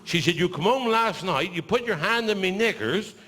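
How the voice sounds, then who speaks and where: Lively Cornish comedian telling tales. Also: male voice, sits high, normal speed, slightly rough. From Cornwall. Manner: broad earthy storytelling, swearing, acting out voices. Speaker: stand-up comedian. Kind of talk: stand-up storytelling to a live audience.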